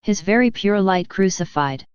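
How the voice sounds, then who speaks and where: A woman's voice: mid-range voice, expressive, moderate pace, clear, resonant tone, dry recording, lightly acted. Jesus, tender and solemn, read by a woman. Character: gentle loving male divine speaker, Jesus. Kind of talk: devotional reading. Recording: dull lo-fi dry recording.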